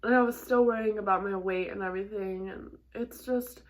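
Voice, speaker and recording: A young woman vlogger telling a stressful travel story in a chatty, animated way, full of "like" and quick laughs. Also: mid-range voice. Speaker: model and vlogger. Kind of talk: casual storytelling to camera.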